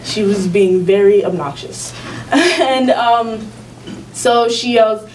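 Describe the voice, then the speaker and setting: A woman's voice: medium pitch, unhurried, a little mellow, a little hiss or hum. Laughing teen girl telling a story from afar. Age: teens. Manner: casual, rambling, with frequent laughter and fillers. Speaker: student storyteller. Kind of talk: personal storytelling at a live event. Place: school event space. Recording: distant mic with faint room ambience.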